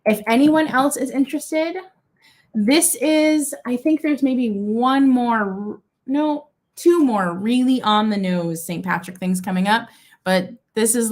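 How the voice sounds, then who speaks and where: A young woman from Minnesota runs a casual live-stream sale of vintage goods. She chats warmly and gushes over each piece, with lots of "um" and "like" and quick asides, and her voice sits a little high. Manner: chatty and gushing, with many fillers and asides. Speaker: live auction seller.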